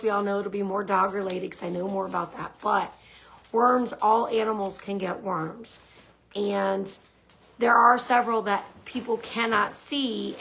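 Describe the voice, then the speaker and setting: A woman losing her voice, talking loudly and hoarsely in a casual informational talk about pet care. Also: medium pitch. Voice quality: raspy. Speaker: humane society volunteer.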